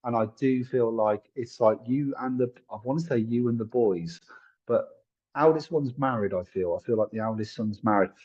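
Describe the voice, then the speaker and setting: A man's voice: mid-range voice, moderate pace, darkish tone, muffled recording. A man doing a live psychic reading, chatty and apologetic, thinking aloud with lots of fillers. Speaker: psychic medium.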